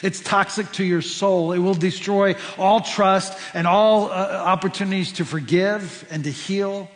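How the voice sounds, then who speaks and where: A man's voice: high-pitched, fairly even intonation, unhurried, in a large hall. A man preaching a sermon as pastor, stressing points by repeating words and restarting phrases. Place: church sanctuary.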